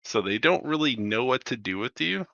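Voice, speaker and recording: A man's voice: mid-range voice, animated, moderate pace, creaky, a bit bright, no room sound. A man narrating a tabletop game as game master, talking loosely with lots of fillers, on a dull muffled desk mic.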